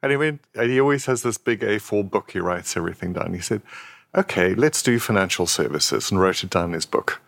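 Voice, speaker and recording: A man's voice: on the low side, steady tone, quick pace, gravelly, hardly any pauses. A middle-aged man from South Africa, a company founder interviewed as a guest, telling wry anecdotes and acting out the dialogue. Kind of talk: conversational interview storytelling.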